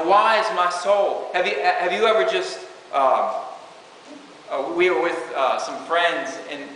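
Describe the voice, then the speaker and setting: A man's voice: on the high side, a bit bright. A man preaching an informal sermon, reading scripture and talking conversationally with many "you know"s. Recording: echoey hall with faint hiss.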